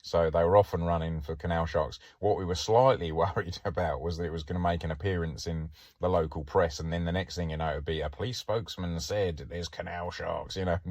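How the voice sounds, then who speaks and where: Man, very deep voice, casual storytelling, dry close sound, wry and chatty. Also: steady tone, fast, few pauses, a little mellow, no room sound. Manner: chatty, wry, laughs through his stories. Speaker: podcast host and former police diver.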